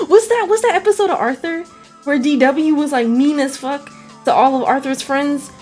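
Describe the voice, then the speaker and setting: A young woman with a fairly high voice chats loosely through an art vlog, leaning on "like" and dropping curses as she rants. Soft music plays underneath. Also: expressive, brisk. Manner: chatty, many "like" fillers, swears and rants with laughs. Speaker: artist vlogger. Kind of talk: casual vlog chat. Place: home art studio. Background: faint background music.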